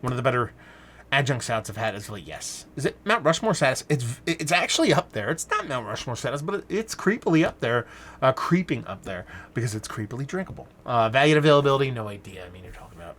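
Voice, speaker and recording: A man's voice: medium pitch, very animated, fast, fairly bright tone, slight background noise. A man talking casually into a standalone mic, reviewing a beer in a rambling way, stopping and restarting his sentences and swearing now and then.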